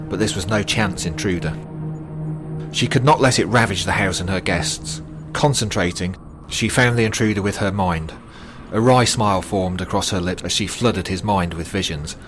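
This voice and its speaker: A man reading a horror audiobook in a dramatic, measured way. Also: sits low. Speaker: narrator. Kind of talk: scripted horror story narration. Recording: narration with loud music bed.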